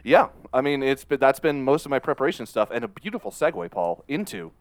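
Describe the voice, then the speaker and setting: A man's voice: mid-range voice, very animated, quick pace, no echo. A man co-hosting a music podcast, chatting casually and hesitantly with lots of fillers. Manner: laid-back, hesitant with many fillers. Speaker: podcast co-host. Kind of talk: casual chat.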